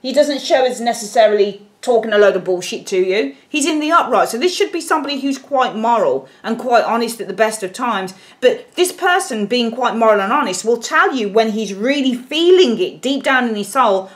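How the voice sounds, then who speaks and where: A woman giving a casual tarot reading, blunt and animated, and she swears freely. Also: fairly high pitch, brisk, hardly any pauses. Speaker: tarot reader.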